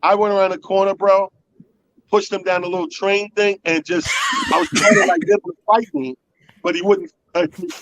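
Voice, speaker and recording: High-voiced man telling a comic story. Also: normal speed, gravelly, low-quality recording. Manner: animated, acts out quoted voices. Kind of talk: comedic storytelling.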